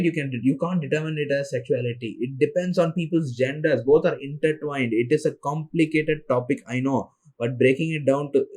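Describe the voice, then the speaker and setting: A man's voice: fairly high pitch, a little mellow, husky. Sleepy young man rambling on a podcast. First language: Tamil. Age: young adult. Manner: rambling and tired, with restarts. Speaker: solo podcast host. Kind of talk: casual monologue.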